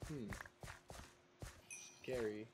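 A man's voice: medium pitch, drawn-out words, very noisy. A man giving casual gameplay commentary, chatty, talking back to the game's creatures and laughing now and then. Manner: chatty, talks to the game's mobs, exclaims and laughs.

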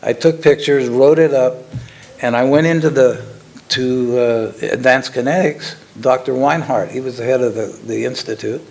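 An older man, a former lab technician, telling his story in a casual, halting way with frequent chuckles. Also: medium pitch, gravelly, darkish tone.

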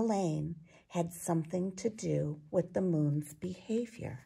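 Woman storyteller, children's read-aloud, husky voice. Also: on the low side. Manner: expressive, unhurried storytelling. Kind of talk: picture book read-aloud.

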